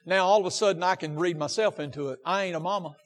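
A man preaches a folksy sermon. He drops to a near-hush, then climbs back to impassioned fervor. A long reverb from the church hall trails each phrase. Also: high-pitched, fast talker, faint music behind. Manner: folksy, swings from hushed to impassioned.

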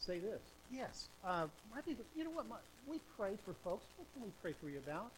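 A man preaching an evangelistic sermon in an old-fashioned revival style, with emphatic repetition and swings between loud exhortation and hushed intensity. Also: high-pitched, big pitch swings, brisk, slight background noise.

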